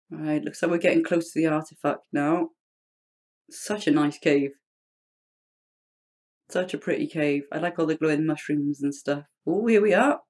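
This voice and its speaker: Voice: medium pitch, a little mellow. A host giving chatty, rambling gameplay commentary as a voice-over recorded at home. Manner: chatty, rambling, self-deprecating.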